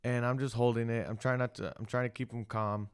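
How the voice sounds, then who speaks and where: A man's voice: medium pitch, flat delivery, brisk, clear, resonant tone. A man co-hosting a casual podcast chat, telling a story in a rambling way full of restarts. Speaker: podcast co-host.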